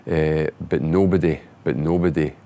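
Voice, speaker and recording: A man recalling his playing days in a halting interview, often pausing on "eh". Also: extremely low pitch, steady tone, mellow. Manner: halting, restarts with "eh". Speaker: former footballer interviewee. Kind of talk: reflective interview.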